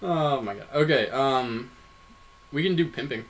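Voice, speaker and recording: Lively guy questioning every absurd claim. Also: medium pitch, unhurried. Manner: incredulous, questioning. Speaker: podcast co-host. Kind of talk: casual comedic podcast banter.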